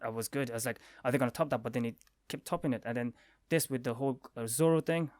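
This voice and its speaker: Excitable man reviewing a comic. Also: mid-range voice, no echo, clean studio sound. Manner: excitable, retells scenes with quick quoted lines and sound effects. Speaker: manga review vlogger. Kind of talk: casual spoken review.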